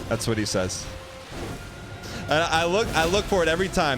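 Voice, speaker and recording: A male game streamer chatting live with his viewers in a rambling, halting, playful way. His voice sits a little higher than most men's, with faint music running beneath it. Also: very animated. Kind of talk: casual live-stream chat.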